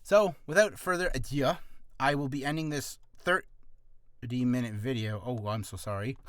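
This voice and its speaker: Man, aspiring voice actor, casual rambling tips, self-deprecating, bright tense tone. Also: medium pitch, no echo. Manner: rambling, self-deprecating, breaks into quick voice demos. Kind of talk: casual talk explaining voice acting tips.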